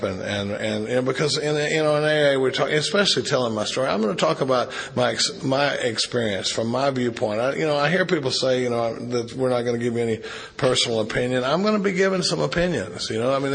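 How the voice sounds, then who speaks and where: A man's voice: medium pitch, creaky, fairly bright tone. A middle-aged man from Dallas, telling his recovery story at a retreat in a rambling, joking way with many restarts. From Dallas, Texas. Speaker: AA speaker. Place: retreat meeting room.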